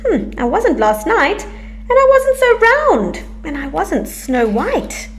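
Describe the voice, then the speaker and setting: A woman voicing a small, excitable baby elephant who wonders what animal it is, in a high, bouncy voice. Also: slow, soft background music, exaggerated voice. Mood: puzzled.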